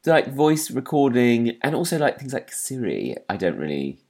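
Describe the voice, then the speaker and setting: Lively self-mocking man. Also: medium pitch, normal speed. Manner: chatty, self-mocking, rambling with many fillers. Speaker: podcast co-host. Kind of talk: casual chat. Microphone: video call.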